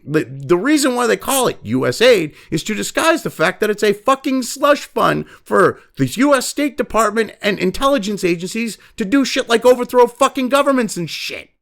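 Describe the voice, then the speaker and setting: Brief: male commentary host, high-pitched and gravelly, furious, profane, mocking rant. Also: a bit bright.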